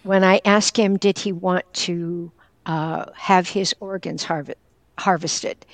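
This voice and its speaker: Older pennsylvania woman telling a story on a podcast interview, lowish voice, earnest and frank, dry sound. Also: fairly even intonation, takes it slowly, dry recording. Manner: earnest, candid, tells a personal story and quotes others directly. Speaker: guest, caregiver and former teacher.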